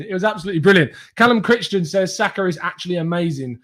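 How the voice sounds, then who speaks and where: A man's voice: sits high, animated, quick pace, a bit bright. A young man, hosting a casual fan live stream, reading viewer comments and laughing often. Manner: chatty, laughs often, reads comments aloud. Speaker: fan channel host reading live chat.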